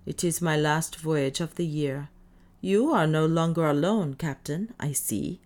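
A woman voicing a mild, sedate little old male skipper in an audiobook, speaking quietly and politely. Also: sits low, a little slow.

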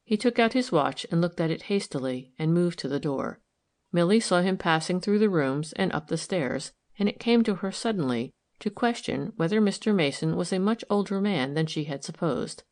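A woman narrating a novel as an audiobook in a measured, even way. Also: on the low side. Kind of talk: scripted narration.

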